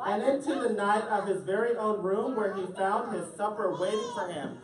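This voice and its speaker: At normal speed and medium pitch, a drag queen reads a picture book aloud to kids, sprinkling in playful jokes for the audience. The setting is an indoor event space with families, captured in an echoey room far from the mic, crowd noise included.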